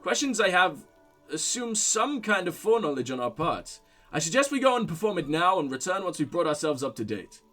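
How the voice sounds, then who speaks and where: A man doing a calm, formal police lieutenant. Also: sits high, faint music behind, heavily acted. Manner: measured and formal. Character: calm, dry middle-aged male police lieutenant.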